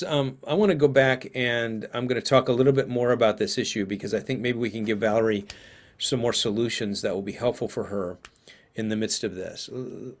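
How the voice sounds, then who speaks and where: A man teaching parents in a live seminar, talking conversationally and thinking aloud with occasional fillers. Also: medium pitch.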